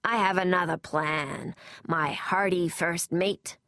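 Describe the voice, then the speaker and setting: A woman's voice: lowish voice, fairly even intonation, slow, a bit bright, dry recording, clean studio sound. A woman voicing a playful grown man who growls in a put-on seaman's accent. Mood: hammy. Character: playful grown man faking a gruff sailor.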